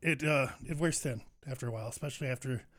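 A man co-hosting a podcast, out of breath and talking in an animated, chatty way about video games. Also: mid-range voice, fast. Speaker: podcast co-host.

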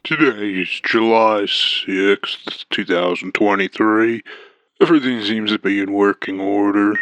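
A man's voice: fairly low pitch, fairly even intonation, fairly bright tone, no room sound, voice pushed down. A man voicing a flustered male astronaut who stammers through a mission report. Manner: halting, stammering radio report.

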